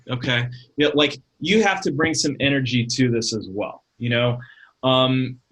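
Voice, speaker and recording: A man presenting a webinar in a relaxed, conversational coaching way, often using fillers like "um" and "you know.". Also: medium pitch, rough recording. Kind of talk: casual webinar talk.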